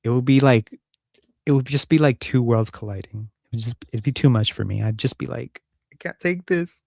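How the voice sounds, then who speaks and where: A man's voice: mid-range voice, steady tone, a little fast, creaky, darkish tone, no echo, studio quality. A man hosting a casual live stream from home, rambling, swearing and joking with his audience. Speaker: livestream host.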